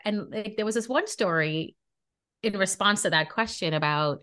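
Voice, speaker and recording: At a moderate pace and in a mid-range voice, the Brooklyn-born co-host recounts a story during a relaxed podcast chat. Indignant and lively, she acts out what everyone said.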